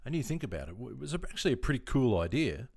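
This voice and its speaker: A man's voice: medium pitch, sing-song, very fast, gravelly, slightly rough, no room sound, studio quality. A man chatting casually on his game live stream. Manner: chatty, reads out chat messages.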